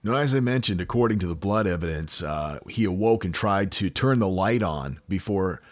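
A man's voice: sits low, normal speed. A man with an American accent, hosting a podcast and casually retelling a true-crime case with jokes and fillers. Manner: relaxed, joking, with frequent fillers. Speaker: podcast host.

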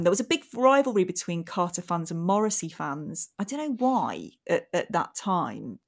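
An English woman in her forties, a comedian telling funny stories in casual chat and laughing often. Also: mid-range voice. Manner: chatty storyteller, laughs often. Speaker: comedian guest.

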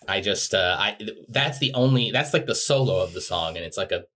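A man's voice: lowish voice, animated, fairly quick, bright, forceful tone. A man co-hosting a casual music podcast, rambling and correcting himself mid-sentence with a joking tone. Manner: rambling, self-correcting, jokey. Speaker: podcast co-host.

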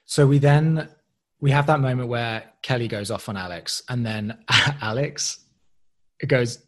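A man co-hosting a podcast, casually recapping a show as an animated storyteller who acts scenes out. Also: mid-range voice, unhurried. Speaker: podcast co-host.

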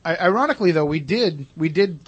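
A man's voice: a little high, animated, quick pace, breathy edge, highs cut off. A man hosting a radio show, chatting eagerly and at length with his guests. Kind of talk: casual radio chat.

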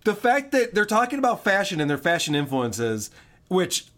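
Male co-host, sarcastic and profane, high lively voice. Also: normal speed, a little hiss or hum. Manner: sarcastic, swears freely. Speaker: podcast co-host. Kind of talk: casual mocking commentary.

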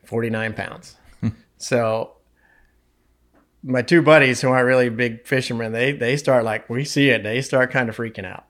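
A man who works as a fishing guide, telling a story to a podcast host in casual, animated talk and often repeating words when excited. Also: mid-range voice, normal speed.

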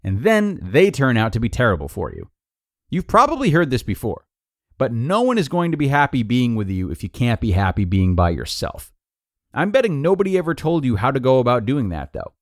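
Lively male podcast narrator, dry sound. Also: mid-range voice, dry recording. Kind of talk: reading a blog post aloud.

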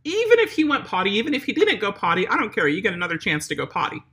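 Woman, dog trainer, bright tone, mid pitch, direct chatty instruction. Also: huge pitch swings, racing. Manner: direct, chatty, talks straight to the viewer. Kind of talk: instructional talk.

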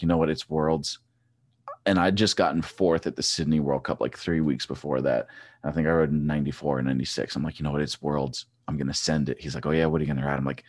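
Deep-voiced man telling stories, dry sound. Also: no room sound. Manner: rambling, animated storytelling with repeated restarts. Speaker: podcast guest, former track cyclist. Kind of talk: casual chat.

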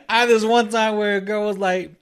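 A man's voice: sits high, normal speed, a bit bright, clear, resonant tone. A man joking around on a podcast, laughing often and telling loose anecdotes in slang. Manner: laughs a lot, slangy, says "bro" and "man". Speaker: podcast co-host. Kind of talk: casual chat.

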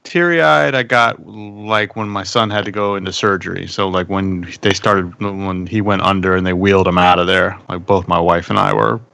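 A man in his thirties on a podcast, talking casually and reflectively about fatherhood, halting with many fillers. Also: low-pitched, fairly even intonation, gravelly, bright, forceful tone, clean tone, no echo. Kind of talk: casual chat.

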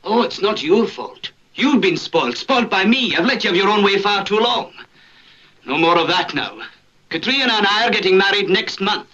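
A man's voice: high-pitched, lively intonation, moderate pace, pushed and bright, a little hiss or hum. An actor playing a drunken young Scottish man defying his mother, in an old film with a dull soundtrack. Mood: defiant. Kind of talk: 1940s film acting.

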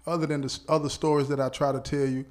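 Male podcast host, casual storytelling, fairly high voice, animated, laughs a lot, keeps checking in with listeners. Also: very fast. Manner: animated, laughs often, peppers speech with "you know what I'm saying".

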